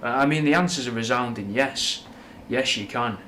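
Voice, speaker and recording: A man's voice: mid-range voice, moderate pace, sharp tone, slight background noise. A young man with a Mancunian accent and a slight Scouse twang, chatting frankly and rambling through viewers' questions, using slang and swearing. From Manchester, England. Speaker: livestream host answering chat. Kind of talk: casual livestream chat.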